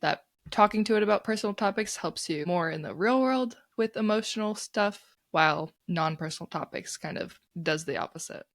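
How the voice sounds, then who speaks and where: A woman's voice: mid-range voice, moderate pace, hardly any pauses, dry recording, clean studio sound. A woman co-hosting a casual podcast. She explains study findings in a chatty way, often checking in with "right?". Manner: explains studies conversationally, many "like" and "right?". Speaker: podcast co-host.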